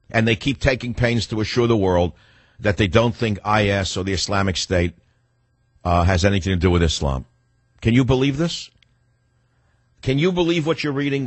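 A man's voice: lowish voice, no room sound. An older man hosting a talk radio show, ranting sarcastically with mocking rhetorical questions. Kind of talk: combative talk radio monologue.

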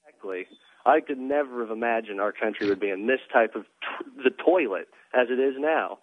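A man's voice: medium pitch, a little fast, a little hiss or hum. Indignant male caller on phone line. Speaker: radio caller. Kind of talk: phone-in call.

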